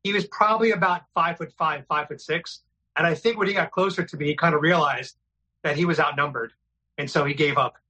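A man's voice: on the high side, fast talker, bright, forceful tone, breathy edge, low-quality recording. A man from New York City talking as an interview guest, telling his experiences in an earnest, matter-of-fact way. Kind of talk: casual interview talk.

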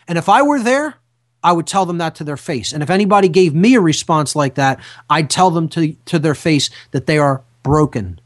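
A man's voice: fairly high pitch, lively intonation, moderate pace. A man hosting a talk radio show who speaks emphatically, repeating key phrases in a lecturing manner. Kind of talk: impassioned talk radio monologue.

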